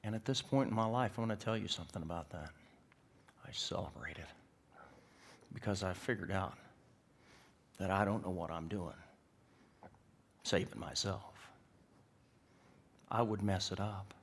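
Male pastor, lowish voice, sermon delivery that swings between forceful emphasis and near-whispers. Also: steady tone, normal speed, long pauses. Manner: swings from loud emphatic preaching to hushed whispers.

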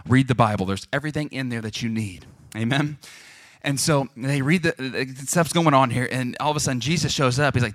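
A young man preaching a lively, joking sermon to a congregation, acting out the voices of people in his stories. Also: mid-range voice, fairly quick, no echo, clean studio sound. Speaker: pastor.

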